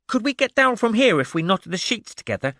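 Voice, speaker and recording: A man narrating an audiobook, voicing a frightened young boy who cries and pleads in a hoarse, high, strained voice. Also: sing-song, brisk, a bit bright, dry recording, clean studio sound. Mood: fearful. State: crying, hoarse.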